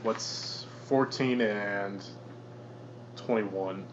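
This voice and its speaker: A man running a tabletop game as game master, talking in quick animated bursts full of fillers. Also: fairly low pitch. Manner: animated, filler-heavy narration. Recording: dull lo-fi podcast audio with faint noise.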